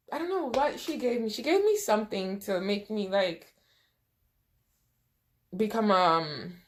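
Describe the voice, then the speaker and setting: A young woman vlogger with a mid-range, slightly bright voice shares a storytime. She's emotional and near tears, acting out what people said in quoted dialogue.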